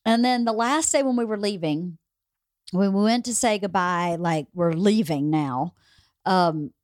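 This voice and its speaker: A woman in her forties, a podcast guest who chats casually and tells her own story in a candid, measured way. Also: mid-range voice, expressive, no echo, studio quality. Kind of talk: casual chat.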